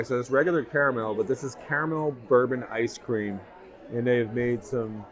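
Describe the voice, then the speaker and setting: A man vlogging a food review in a restaurant, enthusiastic and raving about each bite. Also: medium pitch. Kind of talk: casual food review to camera. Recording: busy restaurant crowd behind. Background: restaurant crowd chatter.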